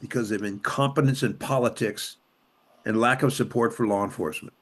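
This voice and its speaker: A man's voice: mid-range voice, a little fast. An older man from Los Angeles, a former police officer and city councilman, telling his story with emphatic repetition and strong emotion. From Los Angeles, USA. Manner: emotional retelling, voice rising and dropping sharply. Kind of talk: conversational storytelling.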